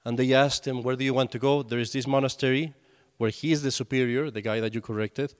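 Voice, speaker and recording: A man's voice: medium pitch, steady tone, quick pace, clean tone. A man, a priest, giving a conversational sermon and telling stories with acted quotes. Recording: long hall reverb.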